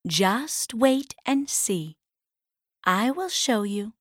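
A woman's voice: fairly high pitch, very animated, drawn-out words, fairly bright tone, no echo, clean studio sound, full character voice. A woman voicing a wise, kind old woman who helps the heroine in a storybook. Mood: gentle.

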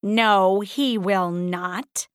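A woman's voice: medium pitch, extremely slow, clear, resonant tone, dry recording, clean studio sound. A woman voicing mean, bossy young stepsisters in a read-aloud storybook.

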